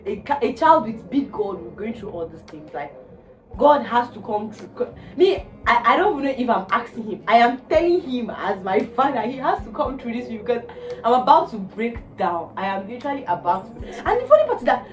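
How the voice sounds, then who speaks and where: A young woman, venting in a casual vlog with exasperated, animated talk and bursts of laughter. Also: on the high side, a little fast. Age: young adult. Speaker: vlogger. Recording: roomy, distant phone recording with music.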